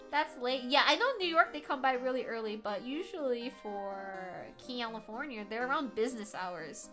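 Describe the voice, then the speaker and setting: High, bright, animated woman streamer. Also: normal speed, faint music behind. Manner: animated, swears freely, reacts loudly to chat. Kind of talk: casual livestream chat while crafting. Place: home room.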